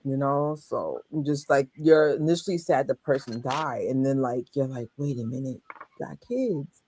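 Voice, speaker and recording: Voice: medium pitch, normal speed, mellow, slight background noise. A co-host in casual chat, telling stories animatedly with laughter and quoted reactions.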